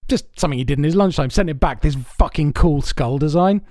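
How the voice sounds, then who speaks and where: This co-host's voice sits fairly high and a little mellow, and he talks fairly quickly in a dry, studio-quality recording with no room sound. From his soundproofed home space, he laughs, swears and wanders through stories in casual podcast chat.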